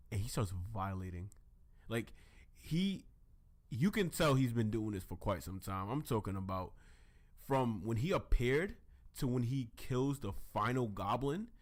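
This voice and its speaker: A podcast co-host with a medium-pitched, slightly mellow voice casually recaps an anime episode, acting out scenes with silly voices.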